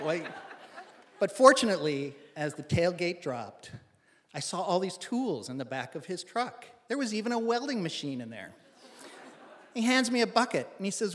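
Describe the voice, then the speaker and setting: A man's voice: on the high side, fairly bright tone, big-room sound. A man telling a personal story to an audience in a wry, conversational, self-deprecating way.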